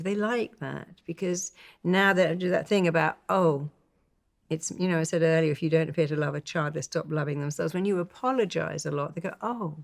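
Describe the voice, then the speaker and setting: An older woman speaking as a therapist guest in an interview, with a gravelly edge to her low-ish voice. She tells stories animatedly and slips into the voices of the people she quotes. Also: a little fast. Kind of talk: conversational interview.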